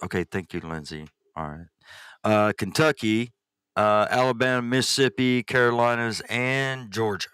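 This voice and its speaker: A man's voice: lowish voice, moderate pace, fairly bright tone, clean tone, dry recording, studio quality. A Texan man hosting a podcast, chatting casually and crudely, reading listeners' messages aloud. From Texas. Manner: crude, rambling, reads chat aloud. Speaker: podcast host. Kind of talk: casual live-stream chat.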